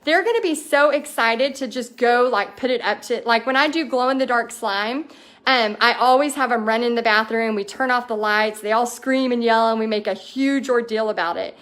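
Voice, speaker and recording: Woman, thirties, fairly high voice, livestream host, bubbly and enthusiastic, chatty, lots of ums. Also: normal speed, fairly bright tone. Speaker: host of a paint party business livestream. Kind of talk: casual livestream chat answering viewer comments.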